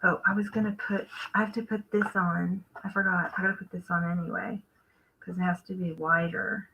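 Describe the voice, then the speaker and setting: A woman's voice: on the low side, little pitch movement, brisk, vocal fry, noisy background. A woman hosting a live crafting stream, chatting casually and thinking aloud as she works. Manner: chatty, thinks aloud while working, trails off. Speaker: craft livestream host.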